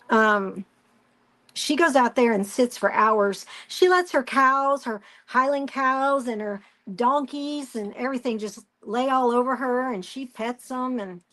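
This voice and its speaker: A woman hosting a crafting live stream, chatting casually and telling stories while she works. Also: a little high. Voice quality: chatty storyteller, animated retelling with quoted voices.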